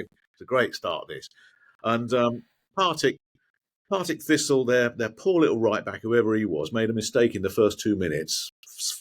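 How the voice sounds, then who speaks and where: A middle-aged man, a guest in a conversation, telling animated anecdotes with mild swearing and frequent restarts. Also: on the low side, slightly rough. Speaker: guest, former sports broadcaster.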